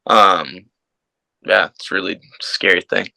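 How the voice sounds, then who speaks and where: A man's voice: low-pitched, steady tone, measured pace, gravelly, pushed and bright, no room sound, low-quality recording. A young man in casual chat, talking in an easygoing way full of fillers.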